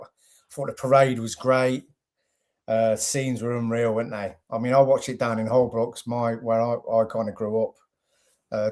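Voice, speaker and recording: A man's voice: medium pitch, a little mellow. Upbeat man in a podcast chat. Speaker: podcast co-host. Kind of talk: casual chat.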